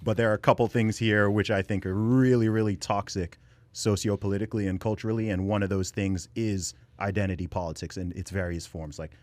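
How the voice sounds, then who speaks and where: A man from England speaks as a podcast guest, his voice sitting low. He talks conversationally, with lots of fillers and restarts. The sound is dry, with no room echo. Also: steady tone, a little fast, darkish tone. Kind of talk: casual panel discussion.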